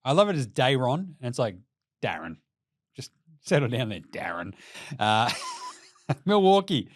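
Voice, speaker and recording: A man's voice: mid-range voice, big pitch swings, a little slow, dry recording, studio quality. A young Australian man hosting a podcast, giving a mocking, sweary rant of casual commentary. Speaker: podcast host.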